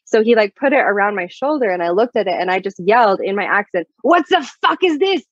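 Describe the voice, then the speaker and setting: A woman's voice: mid-range voice, fast, no echo. A young woman, a guest singer-songwriter, telling a story in a casual interview with a chatty manner and many fillers. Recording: dull lo-fi dry sound.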